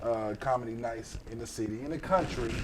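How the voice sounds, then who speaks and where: Man, podcast host, casual sign-off, middle pitch, noisy recording. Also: fairly quick. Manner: laid-back, wraps up with a show sign-off. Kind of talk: casual chat.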